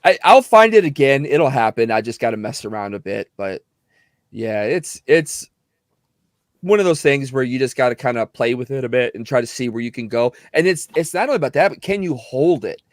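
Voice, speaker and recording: Male podcast guest, voice actor, animated talker, mid-range voice, dry room. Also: medium pitch, fairly quick, no room sound. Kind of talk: casual podcast chat.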